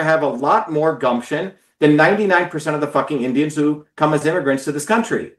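Hosting a live call-in stream, a man delivers a blunt, profane, emphatic political monologue to his viewers. His voice sits a little high, and the sound is reverberant.

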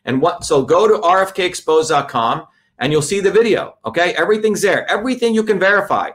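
A man's voice: sits high, expressive, a little fast, a bit bright. A man giving an impassioned political talk to a live audience, emphatic and repetitive, building his points with lists. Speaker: speaker addressing a live audience.

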